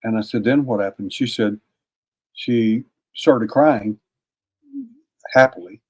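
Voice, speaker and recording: An older man, a guest on an interview, telling a long personal story in a folksy, casual way, often repeating words and clearing his throat. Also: fairly low pitch, slow pace. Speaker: interview guest, paranormal investigator.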